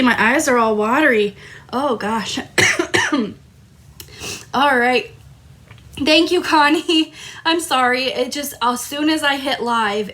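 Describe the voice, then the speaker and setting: A woman's voice: sits high, a bit bright. A woman hosting a live crafting stream, talking casually and apologizing as a throat tickle keeps making her cough. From Tucson, Arizona. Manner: apologetic, chatty. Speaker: crafting host.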